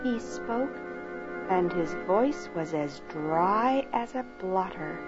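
A woman narrating a rhyming children's story and lesson in a slow, expressive, sing-song way, on a lo-fi recording. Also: on the low side. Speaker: narrator and teacher. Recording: lo-fi recording with soft music.

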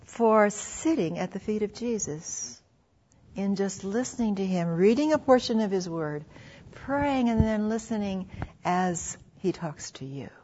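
A woman's voice: mid-range voice, expressive, a little slow, a little hiss or hum. Earnest woman preacher, dull lo-fi recording. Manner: earnest and intimate, dropping to a soft hush for prayerful lines. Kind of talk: sermon.

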